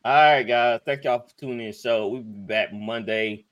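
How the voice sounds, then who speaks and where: A man's voice: mid-range voice, moderate pace, dry recording, muffled recording. A man hosting a casual podcast, joking loosely with friends, laughing often and reading sponsor plugs in an offhand way. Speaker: podcast host. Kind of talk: casual chat.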